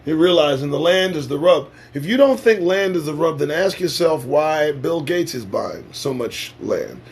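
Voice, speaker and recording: A man's voice: fairly high pitch, animated, normal speed, husky. A man hosting a casual live-stream show, talking in a profane, sarcastic and preachy way. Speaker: livestream show host.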